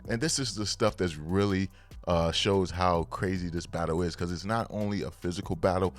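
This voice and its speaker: Deep-voiced, slangy man reviewing comics. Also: normal speed. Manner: slangy, excitable, breaks into loud bursts of hype. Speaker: manga reviewer. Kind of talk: casual chapter review.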